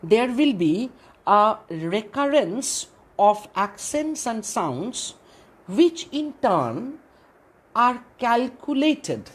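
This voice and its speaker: A woman lectures on literature at an unhurried pace. Her voice has a slightly husky, breathy edge. She asks her own questions, answers them, and repeats key phrases. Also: fairly high pitch, sing-song. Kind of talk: classroom lecture.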